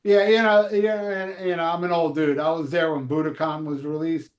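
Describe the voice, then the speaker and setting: Brief: man in his fifties, high voice, casual joking show host, echoey room sound. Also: flat delivery, moderate pace. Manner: loose, joking, rambling with fillers. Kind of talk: casual live show chat.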